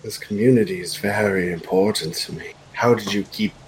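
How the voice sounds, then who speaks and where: An earnest interrogator who is a god, played by a man in an improv comedy role-play. He asks calm, probing questions in a fairly low voice, over faint background noise. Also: moderate pace, close to an everyday voice, poor audio.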